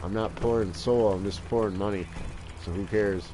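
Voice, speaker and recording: A man's voice: on the low side, fairly even intonation, moderate pace. A man talking in a rambling, crude, profane casual monologue while playing a game. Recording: noisy with vehicle sounds behind.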